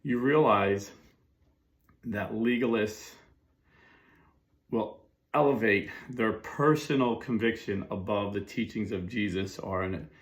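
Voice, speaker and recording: Chatty middle-aged Catholic commentator, low-ish voice, casual monologue with fillers. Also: male voice, takes it slowly, pauses often. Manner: chatty, with fillers and frequent asides.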